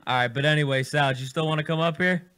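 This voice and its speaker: A man hosting a casual radio studio show, animated and teasing, swearing freely as he jokes with his guests. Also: fairly high pitch, fast, clean tone.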